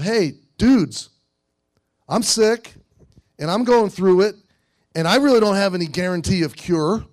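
A middle-aged man preaching a sermon to teenagers, earnest, swinging between loud exhortation and hushed storytelling. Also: a little high. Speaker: youth pastor.

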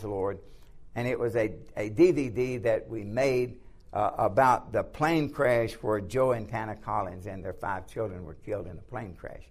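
A man's voice: medium pitch, a little mellow. A man teaching a class on church missions from slides. He uses many fillers and restarts, repeats his points for emphasis and keeps checking in with "okay?". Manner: repetitive, filler-heavy, restarts often. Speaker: missions instructor.

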